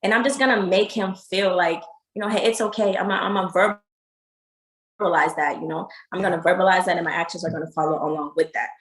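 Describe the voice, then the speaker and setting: A woman's voice: lowish voice, fairly even intonation, fast talker, fairly bright tone, a little hiss or hum. Woman, podcast guest, earnest, encouraging, echoey room sound. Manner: earnest, encouraging, frequent "you know". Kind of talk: casual podcast chat. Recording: roomy echo.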